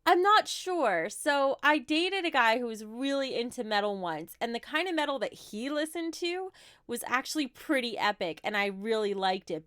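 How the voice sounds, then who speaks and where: A woman's voice: on the high side, clear, resonant tone, no echo, studio quality. A woman in her thirties with a New Jersey accent, chatting casually on a livestream as she answers viewer questions with light laughs. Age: 30s.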